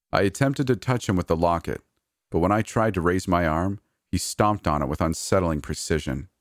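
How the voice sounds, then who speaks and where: Deep-voiced man narrating a story. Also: dry recording, studio quality. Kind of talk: first-person scripted narration.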